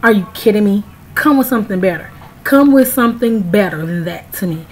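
In a casual vlog, a US woman in her early twenties fires off an outraged, emphatic rant straight at her viewers. Her mid-range voice is animated and fairly quick, and the low-quality recording has slight background noise.

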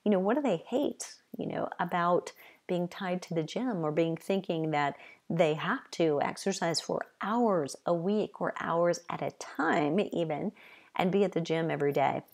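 Middle-aged female coach, lowish voice, loose conversational delivery with repeated points. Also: a little slow, gravelly. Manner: conversational, with frequent "you know" and list-like repetition. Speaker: fitness business coach. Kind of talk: advice talk to fitness trainers.

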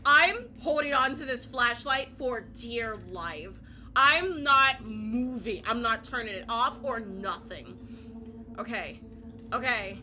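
A young woman playing a horror game and commentating, panicking, repeating herself and shouting at the game. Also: on the high side, lively intonation, slow, slight background noise. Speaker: gaming YouTuber.

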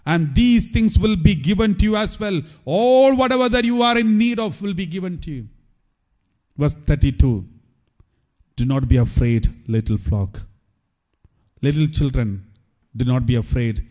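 A priest preaching a sermon, with emphatic repetition. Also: male voice, fairly high pitch, animated, measured pace, long pauses, darkish tone.

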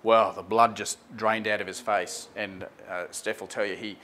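A man's voice: fairly low pitch, flat delivery, normal speed, pushed and bright. A man recounting a run-in with police on air, acting out the dialogue in a casual, conversational way. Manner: acts out dialogue, conversational with frequent ums and "mate". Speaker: speaker recounting a traffic stop. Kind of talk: animated spoken storytelling on air.

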